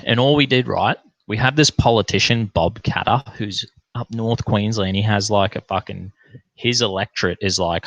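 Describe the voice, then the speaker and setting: A young Australian man rambles through a profane, blunt monologue for his online viewers. His voice sits low and carries a gravelly rasp. The recording is dry, with no room sound. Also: a bit bright, dry recording, low-quality recording. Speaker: online streamer.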